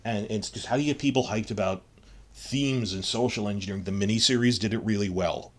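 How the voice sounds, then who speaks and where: Man, podcast host, rambling solo review, lowish voice, emotional, restarts sentences. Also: fairly quick.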